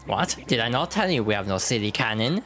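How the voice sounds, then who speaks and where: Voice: medium pitch, very animated, fairly quick, fairly bright tone, soft background music. A streamer voicing a curt, stubborn bomb-creature official who speaks broken English.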